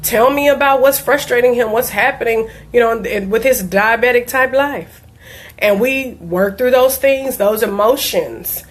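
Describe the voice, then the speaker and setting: A woman's voice: a little high, moderate pace. Earnest woman coaching with conviction. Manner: earnest, emphatic, storytelling with acted quotes. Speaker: diabetes life coach. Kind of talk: personal motivational talk.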